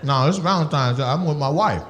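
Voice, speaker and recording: A man's voice: on the high side, noisy background. A male comedian doing profane, teasing crowd work with audience members. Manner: teasing, profane, quick banter. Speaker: stand-up comedian.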